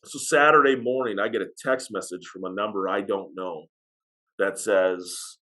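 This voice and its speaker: A man who works as a high school athletic director tells a story on a podcast. He is lively and acts out what other people said. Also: normal speed, rough recording.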